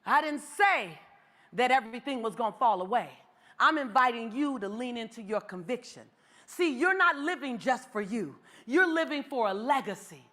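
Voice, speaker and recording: Woman in her 40s, motivational speaker, high voice, storytelling keynote, repeats rallying lines. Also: normal speed. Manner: animated, repetitive rallying phrases.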